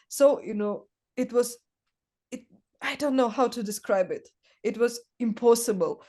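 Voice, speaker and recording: Woman telling stories haltingly. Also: on the high side, dark tone. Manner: halting, searching for words, many fillers. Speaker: guest artist. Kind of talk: casual conversational storytelling.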